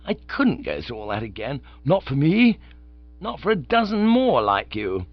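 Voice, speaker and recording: A man's voice: mid-range voice, huge pitch swings, moderate pace, dry recording, pitched above the performer's own voice. A man voicing a breezy, easily flustered young upper-class idler who sounds exasperated, in a dull, dry recording.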